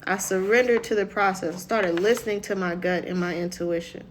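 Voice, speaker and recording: A woman's voice: medium pitch, fairly quick, slight background noise. A woman giving a casual motivational talk in a conversational manner, often checking in with listeners and acting out what people say. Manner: conversational, keeps asking "right?"; acts out quoted voices. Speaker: motivational speaker.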